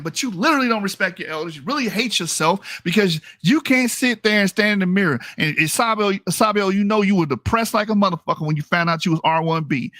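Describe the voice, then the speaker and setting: High, bright-voiced man ranting profanely. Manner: profane, combative, repeats himself for emphasis; laughs at his own jokes. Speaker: online commentator. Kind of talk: heated casual commentary rant. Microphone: talking into a mic.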